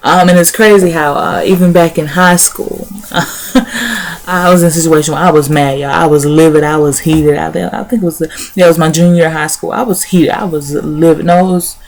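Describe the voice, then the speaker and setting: A woman's voice: low-pitched, fairly even intonation, fairly quick. A young woman sharing her thoughts in a casual vlog, repeating words as she goes and dropping in "y'all" and "honey". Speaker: vlogger. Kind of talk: casual spoken reflection.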